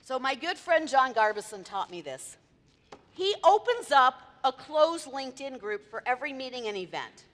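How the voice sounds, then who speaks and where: Female speaker, high and bright, chatty talk to a meeting crowd, hall reverb. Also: sing-song, moderate pace. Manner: chatty, quizzes the audience, tells anecdotes. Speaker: event planner giving a talk. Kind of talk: lively presentation to a live audience. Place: meeting room with audience.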